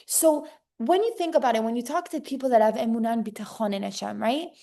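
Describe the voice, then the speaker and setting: A young woman with a fairly high voice teaches a casual religious class. She is emphatic and animated, and she keeps looping back with "okay?" and repeated phrases. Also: fast talker, vocal fry. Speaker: Torah teacher giving a class to women.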